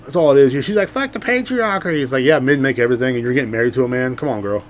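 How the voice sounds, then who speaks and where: A man riffs alone on his podcast in a loose, profane comedic monologue. He lurches from loud, excited bursts to half-swallowed mutters. His voice sits at an ordinary middle pitch, with a faint hum behind it. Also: racing. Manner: rambling, profane, swings between loud outbursts and mutters. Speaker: podcast host.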